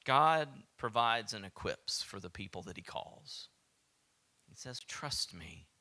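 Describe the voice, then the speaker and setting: A man with a Southern American accent preaching a sermon as pastor, animated and acting out quoted voices, sometimes dropping to a hushed whisper. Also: fairly low pitch, measured pace.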